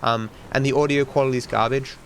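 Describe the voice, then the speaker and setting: A man's voice: mid-range voice, steady tone, fast talker, a bit bright, slight background noise. A young Australian man in his twenties who chats casually with viewers while speedrunning, rambling and swearing freely. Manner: rambling, sweary, talks to chat. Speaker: streamer and speedrunner. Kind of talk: casual chat while gaming.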